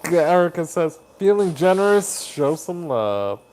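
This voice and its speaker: Slow-talking man hosting a live stream. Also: on the high side, sing-song, darkish tone. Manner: reads viewer comments aloud and greets them; affectionate, calls viewers buddy and honey. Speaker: livestream host.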